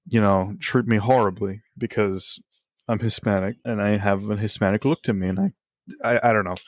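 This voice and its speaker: Low-voiced man telling stories. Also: no echo. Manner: candid, animated when retelling events. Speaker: podcast guest. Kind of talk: casual storytelling.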